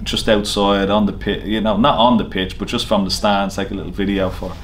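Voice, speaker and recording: A man's voice: lowish voice, little pitch movement, fairly quick, a little hiss or hum. A man, a snooker player, casually telling an anecdote to camera with lots of fillers and easy laughter. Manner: chatty storyteller, frequent fillers and laughs. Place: snooker venue.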